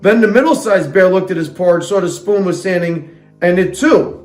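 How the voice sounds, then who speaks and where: Give me a high-pitched man reading a fairytale with indignant sarcastic asides, in a roomy echo. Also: moderate pace, faint music behind. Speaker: comedian reading a fairytale aloud. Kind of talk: comic storybook reading with ranting asides.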